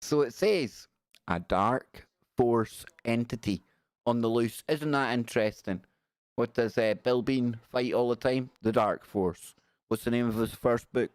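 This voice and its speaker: A man's voice: medium pitch, a little slow, no echo, studio quality. A man in his forties hosting a live stream, chatting in a rambling, joking way and reading out viewer messages. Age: 40s. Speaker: live-stream show host. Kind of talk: casual live-stream chat.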